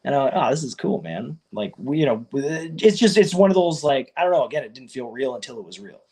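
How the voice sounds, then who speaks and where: A man in his thirties, a wrestler guest in a casual interview, telling stories with lively quoted back-and-forth. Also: medium pitch, fairly quick. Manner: animated storyteller, acts out quoted exchanges.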